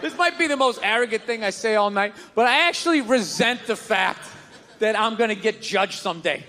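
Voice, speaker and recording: A man doing a stand-up comedy set on stage, ranting loudly and cursing freely into a handheld microphone. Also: high voice, fairly quick, in a large hall, slight background noise. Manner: loud, ranting, profane. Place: stage before a live audience. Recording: live comedy club with audience.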